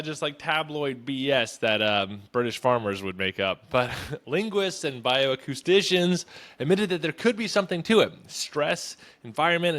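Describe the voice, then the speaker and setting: A man's voice: medium pitch, fairly bright tone. A man hosting his own podcast, explaining a topic in a chatty, loose way with plenty of fillers and side remarks. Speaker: podcast host. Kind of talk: casual solo explainer.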